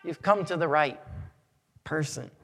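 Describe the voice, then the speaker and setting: A man preaching a sermon as pastor, earnest and measured, lifting his voice for emphasis. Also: on the high side, vocal fry, fairly bright tone, long reverb tail.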